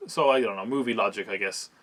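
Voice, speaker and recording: A man's voice: fairly low pitch, fast talker, a bit bright. A man, hosting a podcast and recapping a film in casual, wry chat, laughing at it as he goes. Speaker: podcast host reviewing a film.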